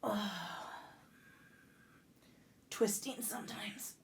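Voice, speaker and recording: A woman yoga instructor guiding a class out loud, casual and profane, breaking off into blunt joking rants. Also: mid-range voice, steady tone, very slow, slight background noise. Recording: echoey room.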